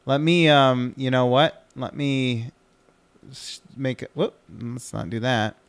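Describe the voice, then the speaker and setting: A man's voice: mid-range voice, fairly even intonation, takes it slowly, clear, resonant tone, dry recording. A man in his thirties co-hosting a casual podcast from home, rambling and cutting himself off, cursing when flustered. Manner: rambling, self-interrupting, swears when flustered. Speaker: podcast co-host.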